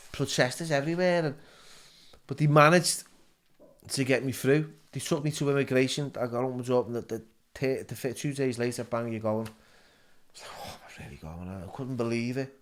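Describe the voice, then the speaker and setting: A man's voice: mid-range voice, fairly even intonation, normal speed. Scouse guy telling a long story in a chat, keeps restarting his words. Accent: Liverpool. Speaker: interview guest. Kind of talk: casual interview.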